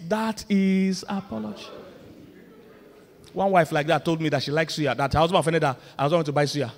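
A male pastor, preaching a lively, humorous sermon that builds to loud emphatic points. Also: a little high, a little fast. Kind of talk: sermon on marriage. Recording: long reverb of a large hall.

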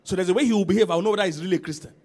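A man preaching as senior pastor in a church, swinging from loud calls to quiet emphasis and asking the congregation to respond. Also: high-pitched, racing. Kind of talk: sermon.

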